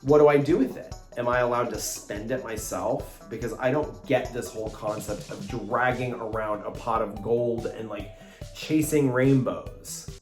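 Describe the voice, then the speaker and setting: A woman's voice: a bass voice, moderate pace, darkish tone. A woman rambling and giggling through a silly film recap. Her voice echoes in the room over a faint music bed. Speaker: panelist. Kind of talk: comedic movie chat.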